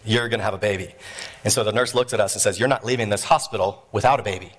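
A man's voice: lowish voice, rapid-fire, long reverb tail. A man in his thirties telling a humorous story in a sermon, acting out the voices of the people in it. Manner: animated storyteller acting out voices, with shouts and laughs.

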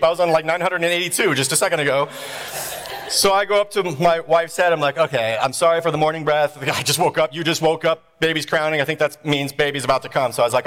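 A man's voice: high voice, a little fast, in a large hall. A man in his thirties telling a humorous story in a sermon, acting out the voices of the people in it. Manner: animated storyteller acting out voices, with shouts and laughs.

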